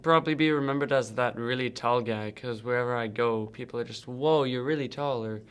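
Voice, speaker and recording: A man's voice: mid-range voice, fairly even intonation, a little fast, fairly bright tone, smooth. A teenage boy in a school farewell interview, rambling about his memories with fillers and laughs. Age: teens. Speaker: student interviewee. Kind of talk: casual chat.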